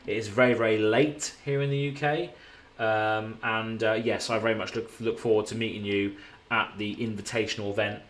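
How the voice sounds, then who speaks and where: Laid-back English man, low voice. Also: fairly even intonation, normal speed, a bit bright. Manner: rambling, laid-back, swears casually. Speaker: streamer. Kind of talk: casual live-stream chat. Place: hotel room.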